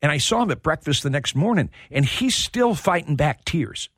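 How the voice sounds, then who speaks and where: A man's voice: fairly high pitch, sing-song, normal speed, a bit bright, slightly rough, dry recording, studio quality. A middle-aged man hosting a sports talk radio show, telling heartfelt stories with plenty of restarts. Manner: heartfelt storytelling.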